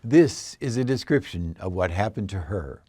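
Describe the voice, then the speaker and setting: A man narrating a scripted explainer in a measured, assertive way. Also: low-pitched, animated, dark tone, slightly rough, no room sound, studio quality.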